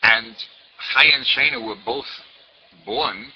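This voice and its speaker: A man's voice: medium pitch, slow pace. A man in his sixties, a rabbi, telling a story in a sermon, repeating words for emphasis. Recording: dull lo-fi recording with faint noise.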